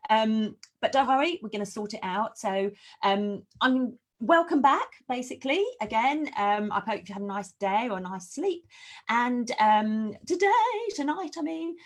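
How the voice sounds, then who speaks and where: A chatty, apologetic woman hosting an online summit interview over a video call from her home in New Zealand. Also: fairly high pitch. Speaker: summit host.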